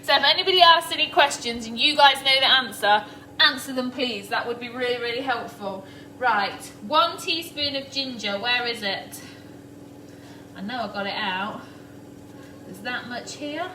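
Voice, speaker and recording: A woman's voice: fairly high pitch, moderate pace, bright, forceful tone, a little hiss or hum. A middle-aged woman hosting a live cooking stream from her home kitchen, chatting casually and greeting viewers by name as she works. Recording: echoey kitchen, mic far off, pan clatter.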